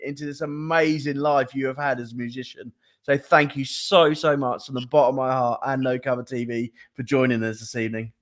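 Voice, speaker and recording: A male host opens a live interview show with easy, chatty energy. He talks in a slightly raised voice and laughs freely between questions. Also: a little high. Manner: chatty and upbeat, laughs easily.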